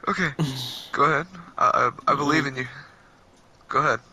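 A young man chatting casually and excitably while playing a co-op game, swearing and laughing often. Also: on the high side, fairly quick, husky. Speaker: gamer. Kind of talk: casual co-op gaming chat.

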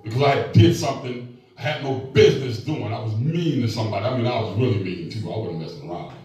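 A man's voice: medium pitch, expressive, fast talker, darkish tone. A middle-aged male pastor preaching a sermon, with call-and-response to the congregation and playful asides. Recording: echoey room, mic at a distance.

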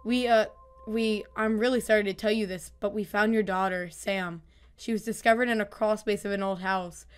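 A woman voicing a gruff male police officer who stumbles over his words as he breaks grim news, his apologetic lines read in a hushed, low tone. The voice stays middle-pitched for a woman's, with faint music drifting behind. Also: fairly even intonation, normal speed, lightly acted. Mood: somber. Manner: hesitant, apologetic.

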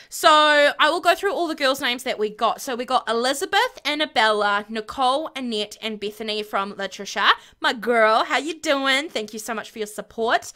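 Bubbly, high-voiced woman gamer. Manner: bubbly, giggly, excitable. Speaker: gaming channel host. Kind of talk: casual game commentary.

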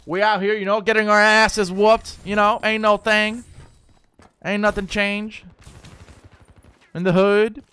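A streamer putting on a loud, exaggerated slangy voice with mock swagger and a slow drawl. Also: male voice, sits high, level tone, smooth, voice pushed up. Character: loud exaggerated slangy young man, boastful.

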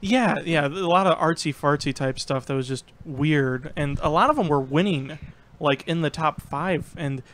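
A man's voice: fairly high pitch, normal speed, fairly bright tone. A young man on a podcast, giving earnest opinions in casual chat.

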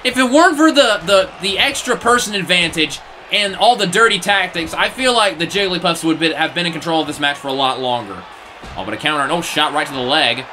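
A young man calling a video game wrestling match play by play, animated, breaking into shouts at big moves and exasperated asides. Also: on the high side, a little fast, a little hiss or hum. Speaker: play-by-play commentator.

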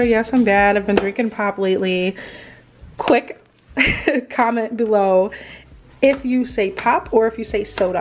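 Chatty young mom, hoarse and congested. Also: female voice, on the high side, noisy background. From US Midwest. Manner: chatty, filler-heavy, addresses viewers directly. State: hoarse and congested after illness. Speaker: vlogger. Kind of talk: casual haul vlog talk.

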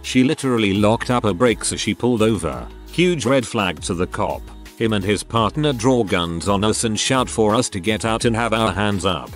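A man narrates a string of online stories in a matter-of-fact reading voice. His pitch sits low, yet his intonation rises and falls with plenty of life. Soft music runs quietly underneath. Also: expressive, normal speed.

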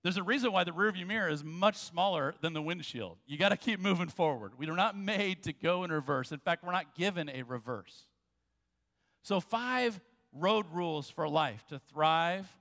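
A man preaching a sermon as pastor, telling jokes and stories with quick asides. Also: high voice, sharp tone. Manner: jokey storytelling with quick asides. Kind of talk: sermon with humor. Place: church sanctuary. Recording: long church hall reverb.

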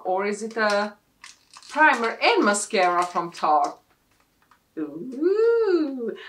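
A woman's voice: fairly low pitch, fairly bright tone, a little hiss or hum. A woman beauty vlogger unboxing a gift box at her desk, gushing and repeating how much she loves each item. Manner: gushing, repeats "love it" over and over. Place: home desk.

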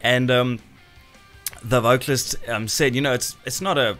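A man hosting a music reaction video, gushing with breathless fan excitement. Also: mid-range voice, moderate pace. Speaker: reaction channel host. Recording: faint music behind.

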